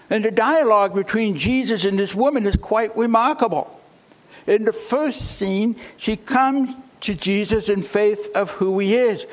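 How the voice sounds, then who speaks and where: A man preaching a sermon, emphatic and fond of rhetorical questions. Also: very high-pitched.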